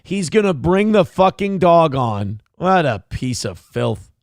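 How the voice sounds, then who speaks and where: Brief: male host, higher-pitched voice, dry close sound, angry mocking commentary, swears a lot. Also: sing-song, unhurried, no echo. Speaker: show host. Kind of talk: profane commentary reacting to a clip.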